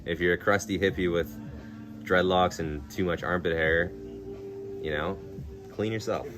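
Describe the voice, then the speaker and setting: Blunt, low-voiced young guy streaming. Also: measured pace. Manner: blunt, swears a lot, many "like" fillers. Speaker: live streamer. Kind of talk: casual live-stream chat. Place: outdoors in a town at night. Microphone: phone. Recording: music playing behind.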